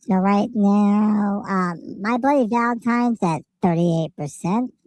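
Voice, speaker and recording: A man hosting a livestream, talking in a casual, joking way through a helium pitch-up voice effect. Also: takes it slowly, darkish tone, no echo. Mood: goofy. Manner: joking, chatty. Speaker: livestream host. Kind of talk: casual chat.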